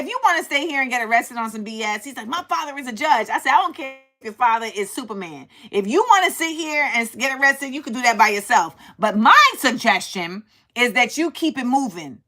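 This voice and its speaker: A woman's voice: high voice, fast talker. A woman from Harlem, hosting a casual chat and animatedly acting out the people in her stories. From Harlem, New York. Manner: animated, acts out quoted voices. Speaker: host.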